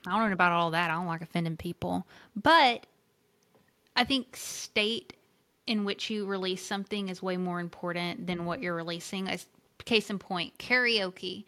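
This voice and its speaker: A woman with a Southern US accent co-hosting a casual podcast, lively and emphatic with playful exclamations. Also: on the low side, normal speed. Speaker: podcast co-host.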